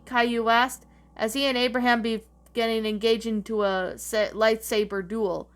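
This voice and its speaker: A woman's voice: fairly high pitch, level tone, normal speed, clear, resonant tone. A woman narrating a creepypasta-style story, reading aloud with frequent stumbles and restarts. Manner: reads with frequent slips and restarts. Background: faint background music.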